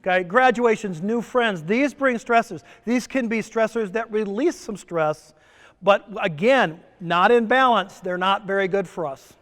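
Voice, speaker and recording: A man's voice: sits high, a little slow, a bit bright. A middle-aged man giving a joking conference talk as a presenter, often asking the audience questions. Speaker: presenter at a stress summit. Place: resort conference room. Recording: long reverb of a conference hall.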